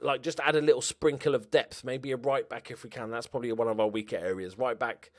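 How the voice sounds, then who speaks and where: A man talking his way through a football management game in a loose, chatty tone. His voice is dry and close, with no room echo, and it sits at a middling pitch. He jumps up when something happens on the pitch. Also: fairly even intonation, quick pace. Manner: chatty, reacts loudly to match events, laughs at own jokes. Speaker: gaming YouTuber. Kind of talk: casual game commentary.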